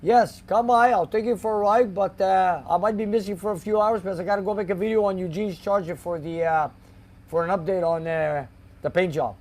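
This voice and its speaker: A man's voice: high voice, steady tone, fairly quick, a little mellow. Chatty man reading viewer comments. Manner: chatty, reads viewer comments aloud, drifts into Greek. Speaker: host reading live chat. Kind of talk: casual live-stream chat. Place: car garage shop.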